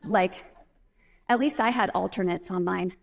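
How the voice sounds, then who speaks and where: A woman's voice: fairly low pitch, measured pace, gravelly, a little hiss or hum. A woman giving a live keynote speech from a conference stage, chatty and self-deprecating, laughing often. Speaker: keynote speaker.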